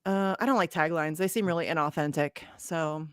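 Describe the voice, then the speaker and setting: A woman's voice: sits low, fairly quick, smooth, dry recording, clean studio sound. A woman hosting a podcast in casual chat, blunt, profane and cynical, laughing often. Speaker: podcast host.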